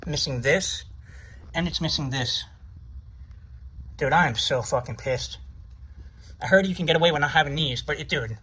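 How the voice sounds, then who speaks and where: A man's voice: on the high side, expressive, brisk, pauses often, a bit bright, husky. A man talking casually while he works on his car, thinking aloud and swearing freely. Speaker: car vlogger. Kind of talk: casual DIY repair vlog. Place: home driveway by a car.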